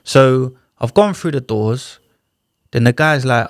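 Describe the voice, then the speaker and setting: A man's voice: mid-range voice, takes it slowly, no room sound, clean studio sound. A man, a podcast guest telling a personal story in a casual, slang-heavy way and acting out the other people's lines. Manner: animated, slangy retelling with acted-out dialogue. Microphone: studio podcast mic.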